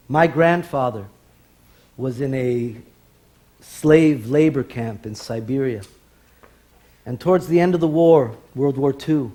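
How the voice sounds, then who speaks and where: A man from the Bronx telling wry comic stories on stage with Yiddish words mixed in. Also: fairly high pitch. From New York, the Bronx. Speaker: comedian and stage performer. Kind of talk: live stage comedy storytelling. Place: stage in a TV studio before a live audience.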